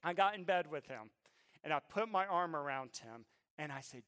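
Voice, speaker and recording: A middle-aged man preaching a sermon, moving between a hushed storytelling voice and loud, drawn-out emphatic preaching. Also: a little high, animated. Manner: drawn-out emphatic phrasing at peaks. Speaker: pastor.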